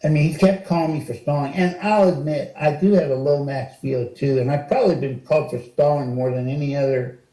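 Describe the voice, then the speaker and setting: A retired wrestler in his sixties, appearing as an interview guest, tells stories in a lively way, his pitch jumping up when he acts out quotes. He talks fairly quickly with hardly any pauses. The casual interview has a roomy echo.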